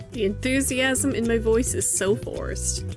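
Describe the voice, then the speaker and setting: A woman streamer reading a visual novel aloud and commenting, amused and profane, laughing often. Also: a little high.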